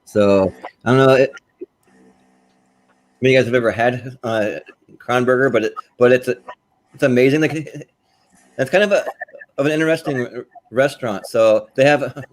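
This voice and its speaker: A man's voice: medium pitch, normal speed, long pauses. A man chatting casually, rambling and restarting his sentences often while he ranks restaurants. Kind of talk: casual chat.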